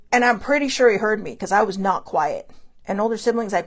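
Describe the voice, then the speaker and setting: A middle-aged woman hosting a show, telling a personal story in a candid, animated way and swearing freely when indignant. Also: mid-range voice, brisk. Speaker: podcast host. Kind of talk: casual storytelling monologue.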